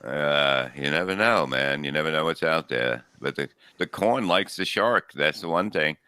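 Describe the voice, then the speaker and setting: Very deep, crisp-voiced man. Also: lively intonation, normal speed, pushed and bright, no echo. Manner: laid-back, reads donations aloud. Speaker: podcast co-host reading chat. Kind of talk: casual podcast chat.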